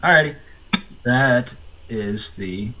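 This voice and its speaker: A man playing in a tabletop game, unhurried and drawn-out as he takes his turn. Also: medium pitch, pushed and bright, low-quality recording. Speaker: player. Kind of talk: casual game chat.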